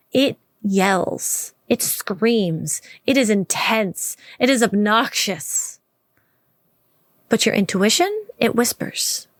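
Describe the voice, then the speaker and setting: A woman hosting a relationship advice podcast, talking straight to listeners in a direct, conversational way and slowing down for emphasis. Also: mid-range voice, no echo, studio quality. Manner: warm, direct, conversational with slow emphatic stretches. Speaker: podcast host. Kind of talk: solo podcast advice talk.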